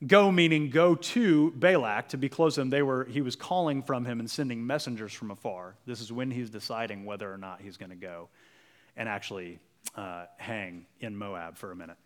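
A male pastor preaching a sermon in a conversational storytelling way, dropping to a hush for emphasis. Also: medium pitch, moderate pace.

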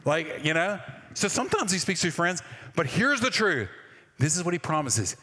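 Pastor, male, fairly high voice, chatty sermon delivery with questions to the room, long hall reverb. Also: very animated, normal speed, pushed and bright. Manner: conversational, asks the congregation questions.

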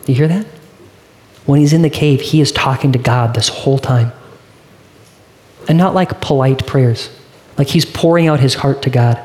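A man preaching a sermon as pastor, talking in an earnest, conversational way and asking the congregation direct questions, slowing down to read scripture. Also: a little high.

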